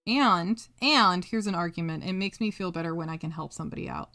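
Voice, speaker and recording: A woman's voice: on the low side, brisk, pushed and bright. A woman hosting a casual craft live stream, reading chat messages aloud, laughing often and swearing freely. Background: faint guitar music.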